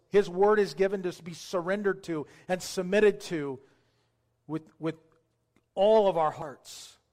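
A man preaching as a pastor, building to fervent emphasis and then leading a slow, quiet prayer. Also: a little high. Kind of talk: sermon with altar call prayer. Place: church sanctuary.

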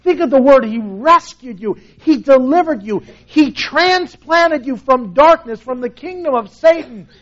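A man with a high voice preaches a sermon in a casual, conversational way. He often sinks to a soft, hushed tone to stress a point. The recording sounds a little muffled. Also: lively intonation, a little slow, hardly any pauses. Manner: conversational preaching, dropping to a soft low voice for emphasis. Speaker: pastor.

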